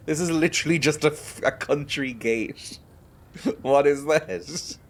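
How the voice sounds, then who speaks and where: Playing a game for a casual let's-play video, a man jokes wryly to viewers and to the game itself. He takes it slowly in a mid-range, fairly bright voice, with slight background noise.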